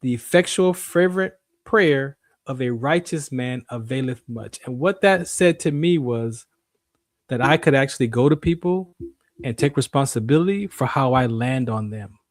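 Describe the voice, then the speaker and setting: A man's voice: mid-range voice, no room sound, studio quality. A man hosting a radio show, giving an emphatic, repetitive faith talk monologue in a preacher-like way.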